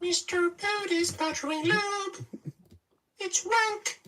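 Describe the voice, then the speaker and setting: A shrill falsetto ad announcer. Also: male voice, fairly even intonation, takes it slowly, pushed and bright, recorded from a distance, slight background noise, heavily acted. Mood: hammy. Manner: mock advert announcing in a high falsetto. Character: shrill over-the-top male ad announcer.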